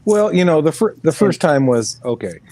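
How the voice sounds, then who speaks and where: A man's voice: a little high, very animated, moderate pace, dark tone. A man who does landscaping, speaking in a firm, matter-of-fact way in a casual podcast chat.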